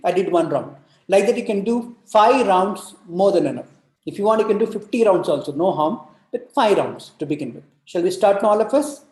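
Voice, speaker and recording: Mellow breathwork instructor, echoey room. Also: mid-range voice. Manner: coaxing, repeats cues, many "you know" fillers; demonstrates long humming sounds. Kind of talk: guided breathing lesson. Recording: roomy echo.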